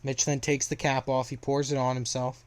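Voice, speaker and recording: A man's voice: medium pitch, little pitch movement, moderate pace. A young man casually retelling a story in a rambling way, with lots of fillers and restarts.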